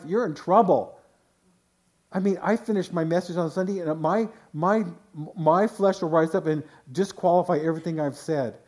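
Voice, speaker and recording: A man's voice: high voice, a little mellow. A man pastor preaching a sermon in a conversational way, often restarting phrases and voicing quotes.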